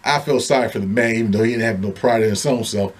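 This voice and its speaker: A man's voice: medium pitch, quick pace. A man on a heated, profane vlog rant, telling a story with lots of swearing. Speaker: vlogger.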